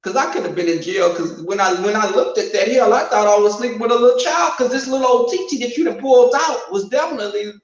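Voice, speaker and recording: A man telling casual stories at home, animated and loud when he quotes people, in an echoing room. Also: fast, few pauses. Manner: animated, swings loud and high when quoting. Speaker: storyteller. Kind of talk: casual storytelling. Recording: roomy home echo, muffled sound.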